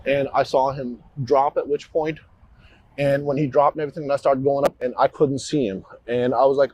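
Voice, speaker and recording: Man, police officer, recorded interview, halting, many restarts and fillers, mid-range voice. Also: mid-range voice, steady tone, darkish tone, rough recording. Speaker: police officer giving a statement.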